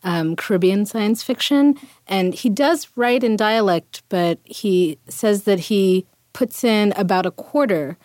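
A woman co-hosting a podcast, a literature teacher talking in an animated, chatty way. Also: mid-range voice, slow pace, hardly any pauses, no room sound. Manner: animated, chatty, many "like" and "you know" fillers. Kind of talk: casual discussion.

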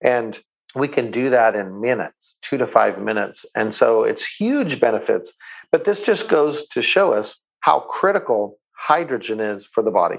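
Gravelly enthusiastic man telling stories. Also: mid-range voice, lively intonation, measured pace, dull audio. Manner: enthusiastic, repeats words when starting sentences. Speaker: guest. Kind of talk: interview answers, storytelling.

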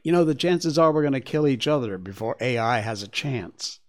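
A man's voice: medium pitch, animated, moderate pace. A man hosting a show, reading news stories aloud and reacting with chatty, exclaiming asides. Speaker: show host. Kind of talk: casual commentary on news stories.

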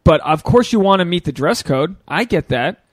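A man's voice: high voice, animated, normal speed, husky, dry recording. A man hosting a podcast in casual chat, talking in a loose, profane, self-deprecating way. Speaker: podcast host.

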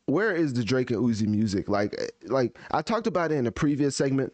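A man hosts a relaxed music review conversation. He is talkative and opinionated and reasons through sales figures out loud. His voice sits at an ordinary pitch, dry and close to the mic. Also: a little fast, dry recording. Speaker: music review podcast host. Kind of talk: casual album review chat.

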